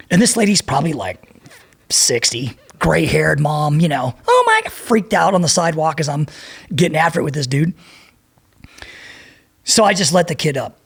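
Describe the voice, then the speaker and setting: A middle-aged man telling a profane, animated story as a podcast guest and acting out the people in it. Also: on the high side, normal speed, creaky, long pauses, husky. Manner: profane, animated, acts out voices in his anecdote. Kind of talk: storytelling in a casual interview.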